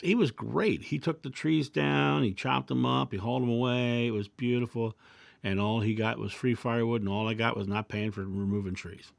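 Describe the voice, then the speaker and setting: On his own video channel, a man reflects calmly in a casual monologue, weaving in personal anecdotes and parables. His voice is medium-pitched and gravelly, with no echo.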